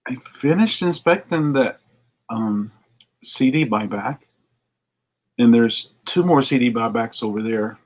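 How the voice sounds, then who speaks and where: A man's voice: medium pitch, unhurried, pauses often, slight background noise, poor audio. A man who owns a record store, chatting casually to a video audience while he inspects used CDs, rambling and muttering asides to himself. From United States. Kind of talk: casual vlog talk while sorting CDs. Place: record shop.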